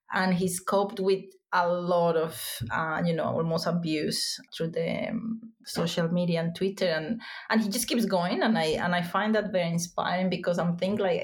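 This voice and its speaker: A woman guest in casual chat, excitable and rambling, with many fillers and restarts, over a remote call. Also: on the low side.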